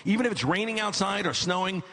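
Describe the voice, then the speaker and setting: On a comedy stage before a live audience, a middle-aged man does stand-up, telling a long story with growing exasperation. He talks fast with vocal fry, animatedly repeating phrases for comic effect and climbing high when exasperated.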